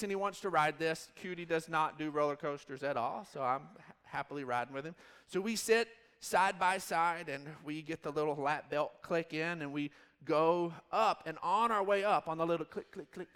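A man in his thirties, a pastor telling a rambling, animated story in a sermon. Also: on the high side, clear, resonant tone, in a large hall. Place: church hall.

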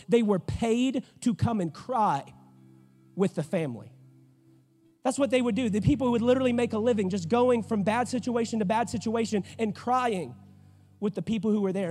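A pastor, preaching a sermon with rising intensity and repetition. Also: male voice, high-pitched, a little mellow.

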